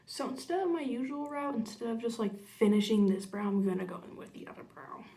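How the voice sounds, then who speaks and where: A young woman chatting casually through a makeup tutorial, rambling into side stories and muttering quietly while she works. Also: fairly high pitch, expressive, fast talker. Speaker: makeup vlogger.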